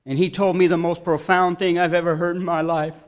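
A man giving an earnest, emotional personal testimony at a recovery meeting, voice swelling loud at its peaks. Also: high-pitched, level tone, fairly quick.

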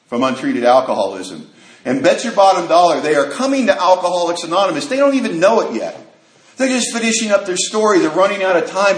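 A man speaking to an audience at a recovery meeting, telling a personal story with lively acted-out dialogue. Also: a little high. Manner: animated storyteller acting out quoted dialogue. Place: large meeting hall. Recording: echoey hall with faint noise.

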